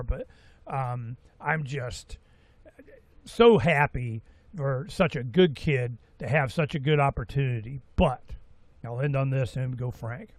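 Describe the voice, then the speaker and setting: A man in his sixties giving a rambling, folksy talk-radio monologue as host, with animated asides. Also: a little high, no echo. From Florida, USA. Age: 60s.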